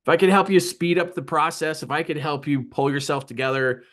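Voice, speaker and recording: A middle-aged man, a business coach, telling a story in a live coaching talk and acting out his own surprise. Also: brisk. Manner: animated storyteller, voice jumping high for quoted surprise.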